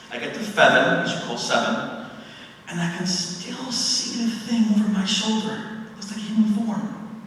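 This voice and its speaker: A man's voice: sits high, measured pace. Man telling a ghost story in an echoey hall. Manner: dramatic, animated retelling with acted-out exclamations. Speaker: paranormal speaker. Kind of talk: live storytelling talk to an audience. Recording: echoey hall, mic far off, faint noise.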